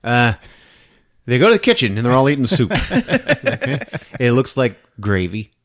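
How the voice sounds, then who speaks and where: A man's voice: mid-range voice, huge pitch swings, normal speed. A man hosting a podcast, recapping a movie for laughs, often laughing and breaking into character voices. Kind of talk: comedic movie recap with acted-out quotes.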